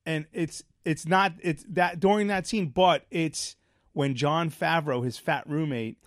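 A middle-aged podcast co-host with a voice that sits high talks at normal speed in clean studio sound with no echo. Animated and rambling, he restarts often while telling stories in a casual chat and acts out the movie lines he quotes.

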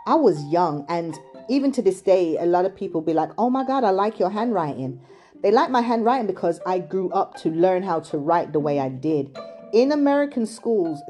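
A woman's voice: lowish voice, dark tone. A middle-aged British woman raised in England and Chicago, telling a casual, digressive childhood story full of "like" and "you know". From England, also raised in Chicago.

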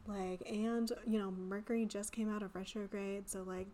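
A young woman co-hosting a casual podcast chat, talking fast and loose with lots of "like" fillers. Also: medium pitch, little pitch movement, warm tone. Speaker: podcast co-host.

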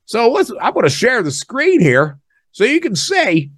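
A man hosting a podcast, talking casually in an animated, sarcastic way and dropping low when he reads from documents. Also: measured pace, dry recording, clean studio sound. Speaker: podcast host.

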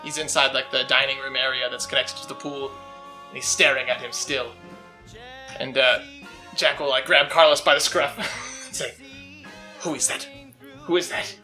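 A man's voice: medium pitch, normal speed, sharp tone, soft background music. A man playing a tabletop role-playing game, narrating his turn casually with lots of fillers. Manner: rambling, with fillers and laughter.

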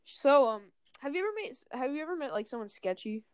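A woman hosts a casual chat, tossing out quick, teasing questions. Her voice sits a little high and sounds dry and close. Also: animated, dry recording. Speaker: host.

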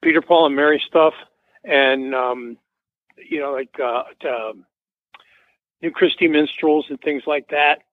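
Speaking a little slowly with frequent pauses, this man in his seventies has a slightly high voice and fairly even intonation. He's a radio call-in guest rambling through a story with fillers and restarts, recorded dry over a tinny phone line.

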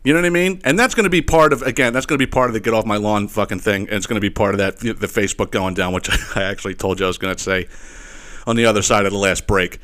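A man's voice: on the low side, fast talker. Profane man ranting on his podcast. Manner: profane, animated ranting with laughs and repeated asides. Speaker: podcast host. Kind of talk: solo podcast rant.

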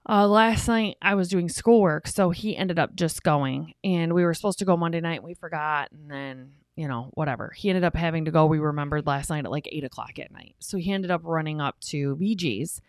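Chatty woman with a smooth voice. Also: low-pitched, fairly quick, few pauses, dry recording, studio quality. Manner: chatty, rambling storyteller. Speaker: podcast co-host. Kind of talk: casual podcast talk.

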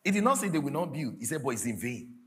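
A man preaching a sermon as a pastor, giving prophetic declarations that swell into shouts about laughing. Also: mid-range voice, sing-song, fast talker. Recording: faint music behind the preaching.

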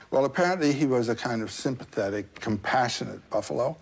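Animated man retelling a folk tale. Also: medium pitch, brisk, gravelly, few pauses, soft background music. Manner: animated, digressive, scholarly. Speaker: guest storyteller.

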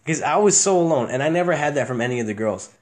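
A man's voice: a little high, very fast. Profane, candid young male podcaster. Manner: profane, candid, swings between flat and excitable. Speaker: podcast host. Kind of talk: casual podcast chat.

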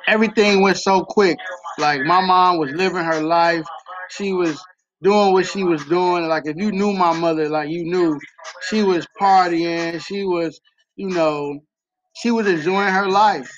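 Slow-talking high-voiced man, earnest. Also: a bit bright. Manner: earnest, repeats key phrases for emphasis. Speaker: podcast host. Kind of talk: faith-based personal talk. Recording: slightly dull lo-fi recording.

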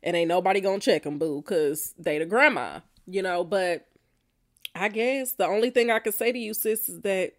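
Speaking at a normal speed in a mid-range voice, this podcast host responds to her listeners' answers with frank, foul-mouthed reactions and plenty of laughter in a casual chat.

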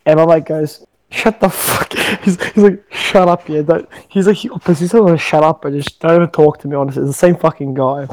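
Man, podcast host, casual chat, rambling, swears a lot, slightly high voice. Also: steady tone, brisk, hardly any pauses, a little mellow, poor audio.

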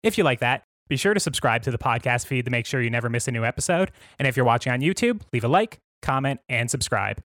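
Upbeat podcast host, dry sound. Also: male voice, medium pitch, animated, fast, few pauses, fairly bright tone, no echo. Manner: upbeat, practiced announcer patter. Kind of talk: podcast intro.

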